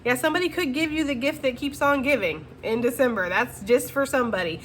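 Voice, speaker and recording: A woman reads tarot cards for her viewers in a loose, chatty way, sprinkling slang and reassurances between the cards. Her voice is bright and forward, with a faint hiss of room noise behind it. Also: sits high, fast. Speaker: tarot reader. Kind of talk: casual tarot reading monologue.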